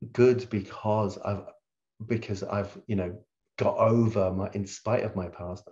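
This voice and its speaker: Animated man telling stories, dull audio. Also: fairly low pitch. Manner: animated, swings loud when reliving stories. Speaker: guest speaker, hypnotherapist. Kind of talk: candid conversational storytelling.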